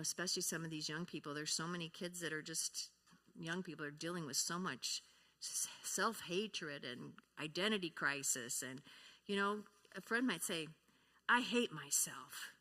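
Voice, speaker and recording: An older woman teaches from the pulpit in an earnest, practical way. Her voice is bright and pointed, pitched somewhat low for a woman. Now and then she slips into short lines of sample dialogue. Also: big-room sound. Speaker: church speaker. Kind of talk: sermon teaching.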